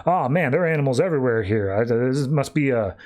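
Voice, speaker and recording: A man's voice: mid-range voice, animated, quick pace, darkish tone, natural voice. A man voicing a group of goofy, chatty ghosts of old performers who ramble and gawk. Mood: gossipy.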